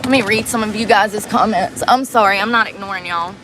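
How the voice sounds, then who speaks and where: A woman's voice: medium pitch, fairly quick, a bit bright, slight background noise. A young woman telling a blunt, profanity-laced story while doing her makeup in a parked truck, recorded on a phone camera. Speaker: vlogger livestreaming a get-ready-with-me.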